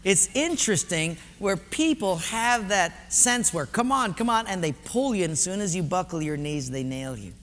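Animated high-voiced pastor preaching. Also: male voice, normal speed, few pauses. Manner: animated storytelling, acts out voices. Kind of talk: sermon with a told joke. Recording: echoey hall reverb.

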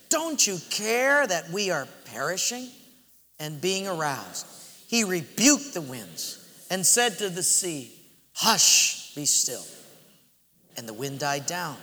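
Pastor guy, high bright voice, telling a sermon story, big hall echo. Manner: animated, acts out shouts and laughs. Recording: reverberant hall.

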